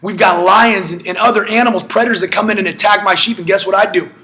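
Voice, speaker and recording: A man voicing a bold, defiant young male shepherd hero, talking emphatically and sometimes shouting. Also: high voice, steady tone, fast talker. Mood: insistent.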